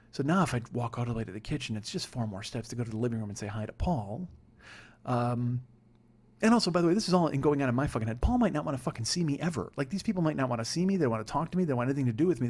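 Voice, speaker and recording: Fast-talking, profane comedy podcast host. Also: male voice, medium pitch, a little mellow. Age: 40s. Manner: rambling, profane, self-mocking. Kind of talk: comedic storytelling monologue.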